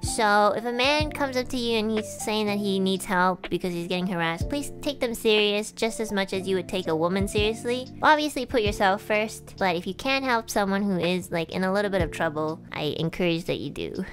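A young woman from Canada telling a story on stream in casual chat, animated with laughs and mock outbursts. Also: mid-range voice, a little fast, hardly any pauses, music in the background.

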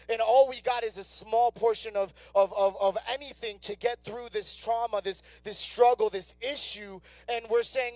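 In a church sanctuary, a young youth pastor with an extremely high, slightly mellow voice delivers a conversational sermon. He acts out people's doubts and inner voices in their own words, and the recording has no room sound.

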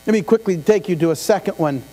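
Captured on a live church stream with mains hum and long reverb, a middle-aged male pastor talks quickly in a high, dark voice. He keeps his sermon conversational, often questioning the congregation and adding asides from the sanctuary.

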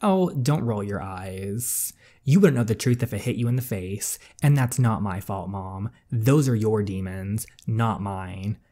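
A bitter, defiant teenage girl snaps at her family in a story game, as a man reads her part aloud. Her voice is mellow and dark under the lifted pitch, sharp and exasperated. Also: measured pace. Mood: angry.

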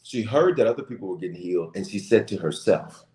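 Low-voiced preaching bishop, very animated delivery, roomy echo. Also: male voice, fast talker. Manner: impassioned, rising to shouted emphasis. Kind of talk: preaching in a church talk show.

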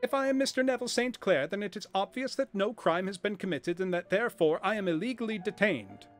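A desperate gentleman prisoner, as a storytelling man puts him on, his voice pushed high and strained with shame. He pleads loudly and his pitch swings all over. Soft music plays underneath. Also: expressive, fast. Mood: despairing. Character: disguised prisoner, anguished middle-aged gentleman.

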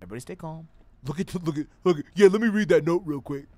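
A young man streaming a horror game, reacting loudly with swearing, sudden shouts and jokes at his chat. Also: fairly high pitch, rapid-fire, no echo. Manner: loud, profane, excitable reactions with sudden shouts; trash-talking, joking with chat. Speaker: gaming streamer. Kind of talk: livestream gameplay commentary.

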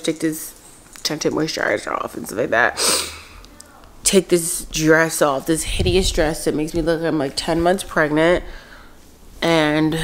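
A woman in her twenties from Philadelphia, talking candidly in a casual mom vlog, rambling and full of "like". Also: sits low. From Philadelphia, USA. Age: 20s. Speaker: mom vlogger.

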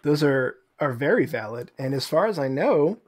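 Upbeat, fairly high-voiced man. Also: lively intonation. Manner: laughs often, quick and enthusiastic. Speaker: podcast guest. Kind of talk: casual chat.

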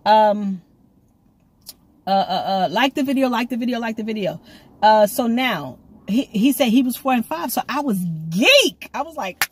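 A woman giving an excitable, rambling prophetic message to her viewers, recorded on her own camera at home. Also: a little high, normal speed, slight background noise. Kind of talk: casual prophetic video message. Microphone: camera she sets up herself.

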